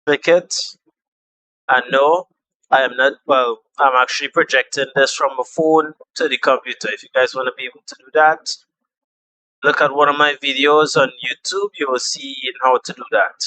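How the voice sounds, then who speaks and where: A man's voice: medium pitch, fairly even intonation, moderate pace, bright, forceful tone, dry recording, poor audio. A young man walking viewers through a phone app in a casual, chatty tutorial, repeating steps and trailing off with fillers. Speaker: tutorial host.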